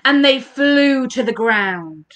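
An English woman leading an education workshop reads aloud to children in a high, bright voice, slowly and with liveliness. She is animated and coaxes the kids to join in, recorded at home for an online session.

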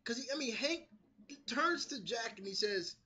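A man giving a casual, animated review of a TV episode, swearing freely and acting out the characters' lines. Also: very high-pitched, normal speed, husky. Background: street construction noise.

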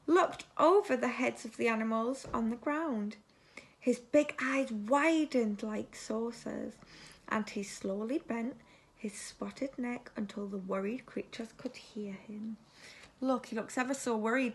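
Her voice a little high and husky, a female teacher reads a children's story aloud with expression at a measured pace. Every so often she stops to ask the children questions.

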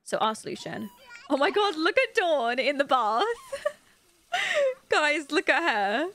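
A woman's voice: high-pitched, huge pitch swings, a little slow, fairly bright tone. Bubbly British woman streaming a game. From Britain. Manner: chatty, giggly, reads chat aloud. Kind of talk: casual gameplay commentary.

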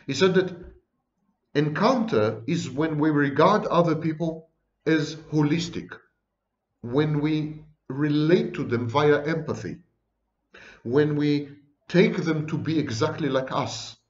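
A man's voice: a little high, takes it slowly. Man lecturing in a roomy lo-fi recording. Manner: dry, ironic asides; lists ideas in rolling phrases. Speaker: psychology lecturer. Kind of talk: online video lecture.

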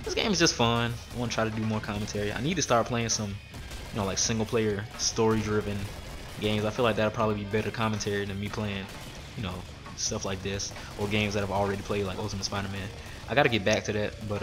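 A man's voice: lowish voice, fairly even intonation, fast talker, over music. A man in his twenties ranting with heavy swearing while commenting on his gameplay. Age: 20s. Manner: profane, exasperated ranting. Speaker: gaming streamer.

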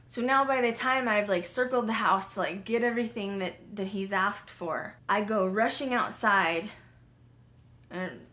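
A young woman vlog host telling a personal story in casual speech, full of "like" fillers, acting out what she said at the time. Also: medium pitch. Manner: animated, frequent "like" fillers, acts out her own past speech.

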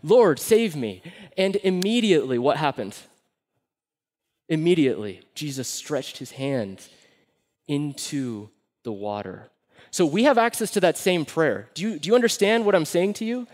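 A young man preaches to a live congregation. His voice sits a little high, and he tells the story with animated, acted-out quotes, dropping to a near hush on key lines. The sound has the long reverb of a large hall. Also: normal speed. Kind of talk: sermon.

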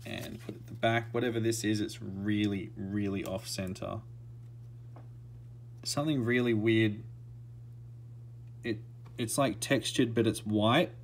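Opening trading card packs, this man keeps up a murmured commentary that breaks into shouts and laughter. His lowish voice stays fairly even and unhurried, with long pauses and a bit of hiss or hum.

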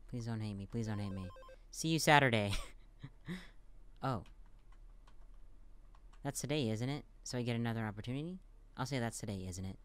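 A man playing a dialogue-heavy game, reading the lines aloud and reacting between them with quick, playful asides. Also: medium pitch. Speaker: let's play gamer.

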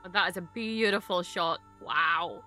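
A young woman hosting a reaction video, talking excitedly and swearing often as she reacts to a TV episode. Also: fairly low pitch, unhurried, faint music behind.

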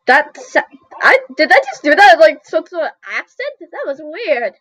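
Captured by a computer mic via screen recorder, this dull, dry clip has a woman hosting a drawing video, commenting casually, exclaiming and poking fun at her slip-ups. She speaks high and very animated at a measured pace, her tone fairly bright.

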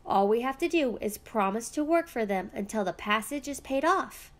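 A woman voicing a brisk, chatty neighbor in a storybook, matter-of-fact in tone. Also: a little high, animated, natural voice.

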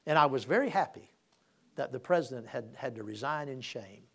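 Gravelly male preacher telling a story. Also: medium pitch, animated, fairly quick, fairly bright tone. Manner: storytelling with repeated restarts, swelling in emphasis. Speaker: pastor. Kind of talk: sermon, personal story.

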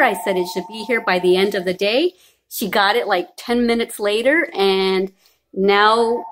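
A woman's voice: mid-range voice, fairly bright tone, slight background noise. A woman vlogging at home on a handheld camera, chatting in a bubbly, cheering way and cooing to a baby. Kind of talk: casual vlog chat.

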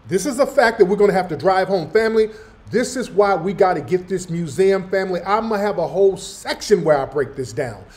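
Male host, high and lively, heated and mocking, repeats his points. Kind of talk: reaction commentary on a played clip.

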